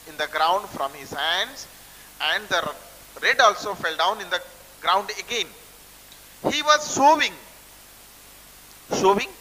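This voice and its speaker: Teaching a class, this Indian English man walks students through a textbook story; he is a college English teacher whose voice is high, very bright and sharp. He keeps repeating himself, restarting phrases as he goes back to explain what words mean. A long echo and faint hiss sit on the recording.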